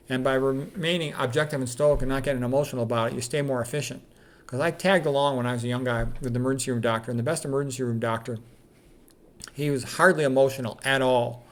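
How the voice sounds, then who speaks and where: A man's voice: medium pitch, fairly even intonation, quick pace. A middle-aged man, a doctor, reading quotes aloud and commenting on them in a candid, casual way with plenty of fillers.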